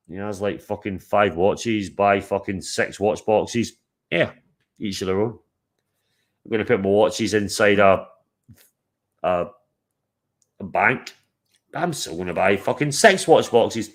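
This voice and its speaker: A man's voice: lowish voice, unhurried, long pauses. A man hosting a livestream, chatting casually to his chat, teasing and swearing freely. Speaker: livestream host.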